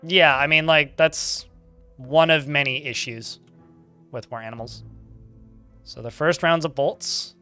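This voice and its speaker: A man's voice: on the high side, fairly even intonation, unhurried, pauses often, sharp tone, clear, resonant tone, faint music behind. A man giving casual, chatty commentary while playing a game, laughing often and swearing offhand.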